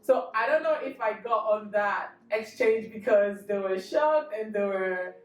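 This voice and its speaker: A woman's voice: mid-range voice, measured pace. Young woman with a slight Australian accent. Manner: animated storyteller, acts out dialogue. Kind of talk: casual group discussion. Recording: roomy room, distant mic, faint music.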